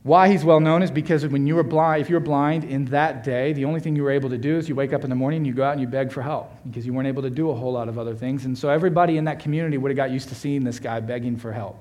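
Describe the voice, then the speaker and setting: A man's voice: medium pitch, fairly even intonation, racing, few pauses, a little mellow. A middle-aged man, a pastor, giving a sermon in a conversational, self-deprecating way with playful asides.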